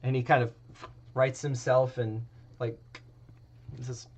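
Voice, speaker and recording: A man's voice: medium pitch, level tone, slow pace, highs cut off, slight background noise. A man narrating as game master of a tabletop game, rambling with many fillers.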